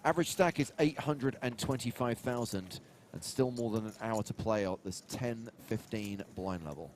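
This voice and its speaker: A man hosting a live poker stream, giving steady, informative play-by-play. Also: on the low side, moderate pace, slight background noise. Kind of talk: live tournament commentary.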